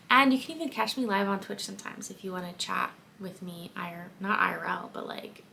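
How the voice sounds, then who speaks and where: A woman's voice: medium pitch, gravelly, sharp tone, a little hiss or hum. A young woman chatting about a book and reading from it in a home office, chatty and emotional, with lots of "like". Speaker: book vlogger. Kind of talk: casual chat and book reading.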